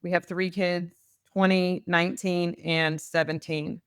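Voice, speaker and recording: A woman's voice: on the low side, little pitch movement, unhurried, clean tone, dry recording, studio quality. A woman in her forties from Texas, a guest on a faith-based interview podcast, telling her story earnestly and with emotion.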